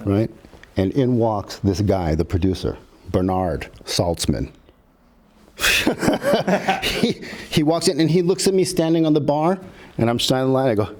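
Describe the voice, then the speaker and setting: A middle-aged filmmaker, guesting on a podcast, tells stories casually in an animated, profane way, acting out quotes as he goes. His voice is deep and he talks a little fast.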